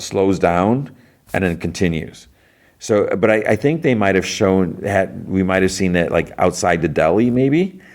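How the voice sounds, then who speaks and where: A man hosting a podcast, casually retelling an episode with lots of fillers and quick quoted lines. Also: sits low, a little mellow. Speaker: podcast host.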